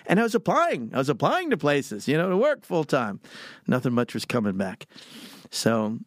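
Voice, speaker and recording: A man's voice: mid-range voice, wildly swooping pitch, normal speed, no room sound, clean studio sound. An older man from Pennsylvania telling rambling, chuckling stories in casual conversation as an interview guest. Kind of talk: casual storytelling.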